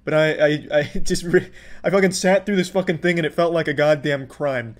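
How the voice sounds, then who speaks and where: Swearing freely, a male commentary YouTuber pours sarcasm and exasperation on something he watched. He speaks at a normal speed in a slightly high voice.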